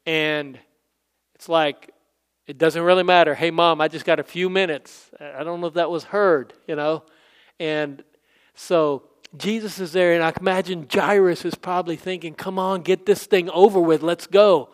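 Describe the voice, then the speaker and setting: A man's voice: a little high, steady tone, moderate pace, clear, resonant tone. A man preaching a casual, conversational sermon, acting out Bible scenes in quoted voices. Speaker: pastor.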